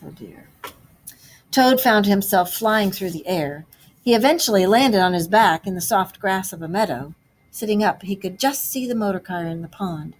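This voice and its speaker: A woman teacher narrating a storybook aloud to a class, with expressive delivery. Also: medium pitch, moderate pace, slight background noise.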